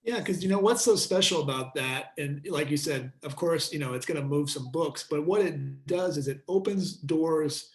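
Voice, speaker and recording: A man's voice: a little high, moderate pace, few pauses, echoey room. A man hosting the conversation, reflecting thoughtfully on what the guest said. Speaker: interviewer host. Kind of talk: conversational interview.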